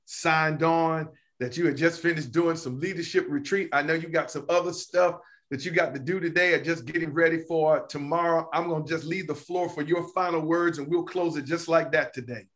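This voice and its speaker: Man, talk show host, slightly high voice, affirming, halting. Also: fairly even intonation, a bit bright. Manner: affirming, brief interjections, halting. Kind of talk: casual interview.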